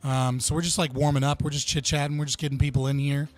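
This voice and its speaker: A man's voice: on the high side, flat delivery, quick pace, soft background music. Casual profane male livestreamer. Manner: casual, profane, chatting with his viewers. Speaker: livestream host.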